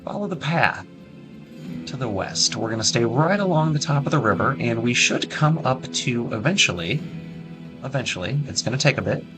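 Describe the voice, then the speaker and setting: A man's voice: medium pitch, lively intonation, moderate pace, poor audio. Chatty man narrating gameplay over music. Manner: chatty, addresses viewers with jokey asides. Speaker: gaming streamer. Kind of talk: casual gameplay commentary. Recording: music playing behind.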